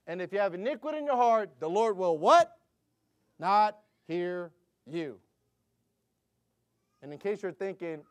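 A middle-aged man preaching a sermon, telling stories with animated delivery, laughing and acting out voices. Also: high-pitched. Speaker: pastor.

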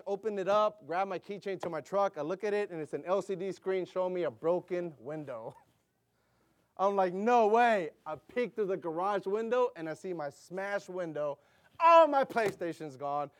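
A middle-aged man preaching a sermon, telling stories with animated delivery, laughing and acting out voices. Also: sits high, normal speed. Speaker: pastor.

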